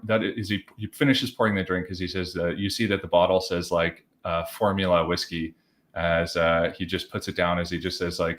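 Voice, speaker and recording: A man's voice: low voice, flat delivery, normal speed, fairly bright tone. A man narrating as game master, rambling with many fillers. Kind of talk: improvised tabletop narration.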